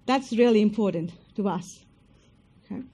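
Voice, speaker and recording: With a mellow, husky, mid-range voice and a moderate pace, a woman presents a scholarship program to applicants at an information session. Her delivery is direct and emphatic, and she checks in with her listeners often.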